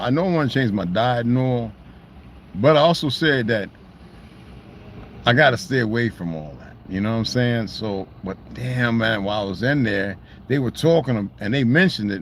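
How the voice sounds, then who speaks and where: A man's voice: medium pitch, lively intonation, normal speed. Rambling man with a faint background hum. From United States. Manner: loose, meandering, swears freely, many restarts. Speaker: channel host. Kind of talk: casual rambling monologue.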